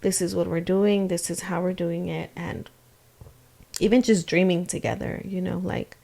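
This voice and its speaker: A woman in her thirties co-hosting a faith and marriage podcast, talking reflectively and softly with occasional laughs. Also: on the low side, steady tone, moderate pace, creaky. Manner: reflective, soft-spoken, laughs often. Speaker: podcast co-host. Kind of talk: casual faith chat.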